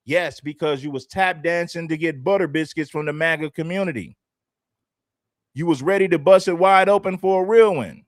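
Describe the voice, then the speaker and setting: A man's voice: on the high side, moderate pace, no room sound, clean studio sound. Sarcastic laughing man hosting a stream. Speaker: host. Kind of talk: casual commentary chat.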